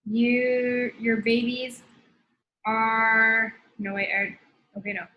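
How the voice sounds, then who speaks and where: A woman's voice: on the high side, completely flat delivery, slow, echoey room, highs cut off. A young woman hosting a casual coaching talk, using slang and thinking aloud as she dictates a message while typing. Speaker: host coaching sellers. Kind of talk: casual instructional live talk.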